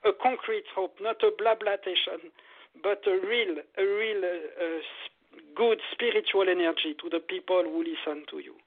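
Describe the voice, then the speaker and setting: High-voiced man over a phone-like line. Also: normal speed. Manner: animated, repetitive, laughs often. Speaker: meditation teacher, guest. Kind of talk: casual interview.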